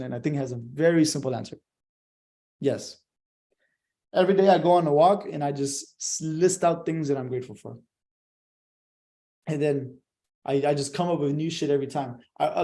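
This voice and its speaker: A man's voice: on the high side, dark tone. A young man giving a profane, emphatic motivational monologue, swearing constantly.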